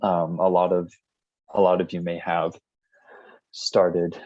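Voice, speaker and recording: A man teaching a recorded language lesson, reading word lists one item at a time in a plain, steady way. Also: low-pitched, takes it slowly, no room sound. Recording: slightly dull lo-fi recording.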